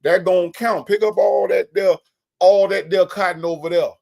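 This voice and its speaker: A man putting on the voice of a bossy older overseer, giving slow drawling orders. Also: high-pitched, steady tone, vocal fry, mellow.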